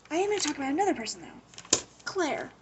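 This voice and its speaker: A young woman talks casually, gossiping through a TV show's plot. Her voice sits a little above the usual woman's pitch. She tells the story with animated energy and fills it with "like" and quick quoted lines. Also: background noise. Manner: chatty, animated retelling full of "like" and acted-out quotes. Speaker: show recapper. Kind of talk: casual chat recapping a TV show.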